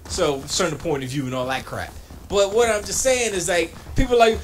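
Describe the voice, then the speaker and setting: A man's voice: high voice, brisk, a little hiss or hum. A man chatting casually on a live stream while gaming, slangy and trash-talking. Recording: music playing behind. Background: music.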